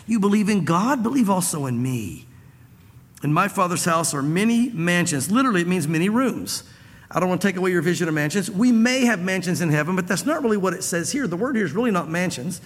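A man's voice: high voice, animated, quick pace. A man preaching a sermon to a congregation, conversational, repeating phrases and acting out dialogue. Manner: conversational, repeats himself, acts out quoted dialogue. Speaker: pastor. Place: church hall with audience. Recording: reverberant church hall.

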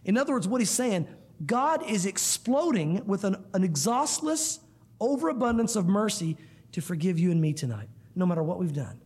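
A man's voice: high-pitched, big pitch swings, moderate pace, darkish tone, slightly rough. A man preaching a sermon to a room of listeners, earnest and emphatic, often calling them guys. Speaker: pastor. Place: church room.

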